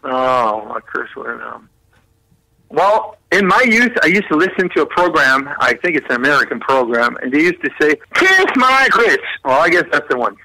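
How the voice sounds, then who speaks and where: Lively bright-voiced man joking by phone. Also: mid-range voice, normal speed, gravelly, no room sound, poor audio. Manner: joking, hesitant, full of fillers and laughter. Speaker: radio interview guest. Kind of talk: playful phone-in interview. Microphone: telephone.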